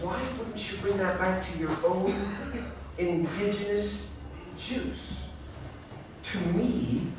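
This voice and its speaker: A man giving a passionate, emphatic stage talk to bartenders at a trade show, swinging from low asides to loud outbursts. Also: far from the mic, slight background noise. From Norway. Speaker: speaker at a bar show. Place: large hall at a trade show. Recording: echoey hall, speaker away from mic.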